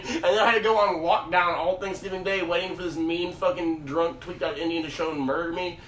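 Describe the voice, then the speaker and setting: A young man hosting a podcast, telling a long rambling story in a profane, animated way. His voice sits a bit high, and it is heard from a distance in a roomy space with a faint background hum. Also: brisk, hardly any pauses. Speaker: podcast host. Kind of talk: casual storytelling.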